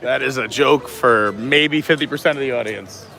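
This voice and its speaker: A man's voice: mid-range voice, normal speed, creaky, pushed and bright. A man hosting a live stream outdoors at a theme park, chatty and joking with people he meets. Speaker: vlog host.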